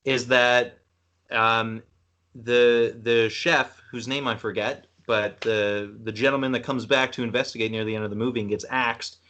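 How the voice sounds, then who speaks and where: A man's voice: mid-range voice, flat delivery, normal speed, pushed and bright. A man from Canada hosting a podcast, rambling through a film retelling in casual chat. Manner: rambling, retells film scenes with acted quotes. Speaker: podcast host.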